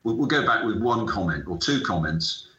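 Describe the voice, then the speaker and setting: Animated storytelling British man, echoey. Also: fairly low pitch, moderate pace. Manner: animated anecdotal, acts out dialogue. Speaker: guest, sports entrepreneur. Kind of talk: storytelling interview. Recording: echoey room, dull lo-fi sound.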